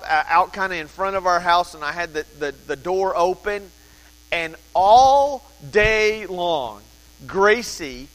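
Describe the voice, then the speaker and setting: A man's voice: high voice, fairly bright tone, big-room sound, rough recording. A man in his thirties, a pastor telling a family story in a sermon, then preaching in an earnest, urgent way.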